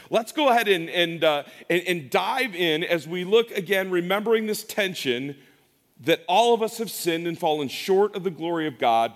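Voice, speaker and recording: Middle-aged male pastor, slightly high voice, relaxed humorous sermon delivery, echoing church sanctuary. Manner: casual, joking, animated preaching with frequent restarts. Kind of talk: conversational sermon. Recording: long church reverb.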